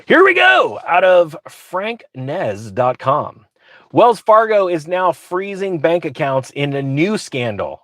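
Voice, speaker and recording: A man's voice: fairly high pitch, very animated, slow pace, fairly bright tone, dry recording, studio quality. A man ranting sarcastically about bank news while recording from inside his truck. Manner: sarcastic, grumpy, mocking. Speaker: finance vlogger reading news. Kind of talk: ranting commentary.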